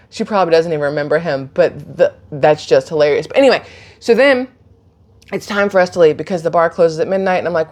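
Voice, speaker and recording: A woman's voice: lowish voice, brisk. A woman, telling a story casually to her phone and acting out the people in it with lots of energy. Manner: animated, chatty, laughs and gasps while retelling. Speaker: vlogger.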